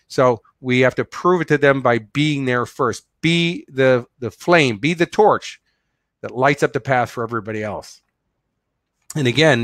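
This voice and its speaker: A man's voice: mid-range voice, fairly bright tone, no room sound, studio quality. A middle-aged man giving a casual motivational webinar as a business coach, talking earnestly and telling stories with plenty of fillers. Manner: conversational, earnest, storytelling with fillers.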